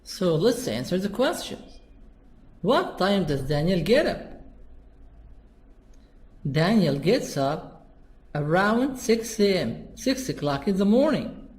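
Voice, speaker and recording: A teacher explaining English pronunciation slowly, with lots of repetition. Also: mid-range voice, sing-song, a little mellow. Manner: slow, repetitive and patient. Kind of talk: classroom explanation.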